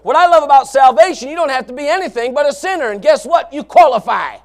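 A preacher with a strikingly high voice delivers a fiery sermon. He moves between quiet, low asides and loud shouted passages. His delivery is folksy and emphatic. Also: expressive, fast talker. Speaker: pastor.

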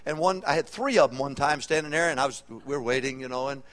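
A middle-aged man preaching a humorous, animated sermon as a pastor in a church auditorium, with call-and-response questions to the congregation. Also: medium pitch, fast talker.

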